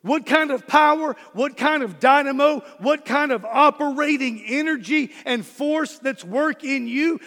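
A man's voice: extremely high pitch, a little slow, few pauses, a bit bright, in a large hall. A man preaching a sermon as pastor, emphatic and repeating key words for stress.

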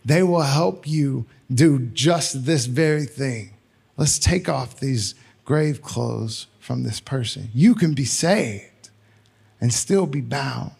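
A man's voice: medium pitch, slow pace, gravelly, a little mellow, slightly rough. A man preaching a sermon as pastor, earnest and conversational, with sudden emphatic rises.

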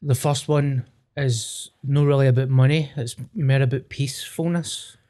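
A man's voice: medium pitch, steady tone, unhurried, warm tone. A Scottish man, a comedian guesting on a podcast, giving short, laid-back answers in casual chat.

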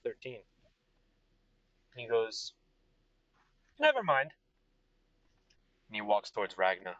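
A man's voice: lowish voice, fairly even intonation, normal speed, a bit bright, dry recording. Casual young guy running a tabletop game, talks in a rambling way, dull-sounding audio. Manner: rambling, many filler "like"s and restarts. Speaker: game master. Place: inside his car. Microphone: computer or tablet mic.

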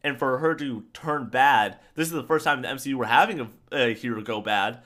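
Male podcast co-host, casual excitable rambler, mid pitch. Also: brisk. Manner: excited, rambling, repeats himself. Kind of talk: casual pop-culture chat.

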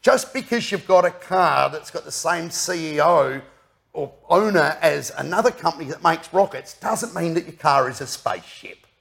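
A man's voice: a little high, expressive, normal speed, vocal fry, fairly bright tone, breathy edge. A middle-aged man hosting a casual, jokey show, rambling and laughing often. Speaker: podcast host. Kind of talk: casual banter.

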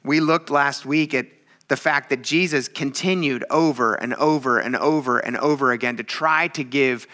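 Bright-voiced casual male preacher. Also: medium pitch, normal speed. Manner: casual, joking preaching with acted quotes. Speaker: pastor. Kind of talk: sermon.

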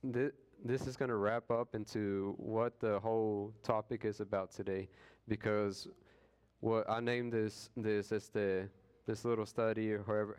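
Smooth low-voiced man teaching scripture. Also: a little mellow. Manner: conversational, retells scripture in slangy everyday words; acts out quoted voices with jokes. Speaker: Bible study teacher. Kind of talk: casual Bible study talk.

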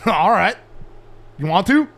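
Crude gravelly man joking with a friend. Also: sits high, big pitch swings, slow pace, a bit bright. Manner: crude, joking, swears a lot. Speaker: podcast co-host. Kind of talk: casual chat.

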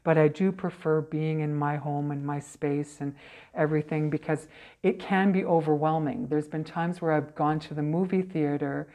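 Casting: low-pitched chatty woman, medium telling stories in an interview. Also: moderate pace. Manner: chatty, animated, frequent okay and right tags. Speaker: psychic medium guest. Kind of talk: casual interview storytelling.

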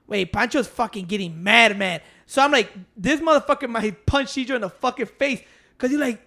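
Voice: medium pitch, normal speed, pushed and bright. A speaker telling a rambling story in casual chat, swearing and acting out what others said.

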